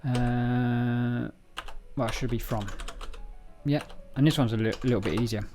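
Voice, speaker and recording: A man's voice: medium pitch, fairly even intonation, a little slow. Male streamer, casual live-coding chat, self-mocking, trips over words, faint music and typing behind. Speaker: livestreamer reading a programming book.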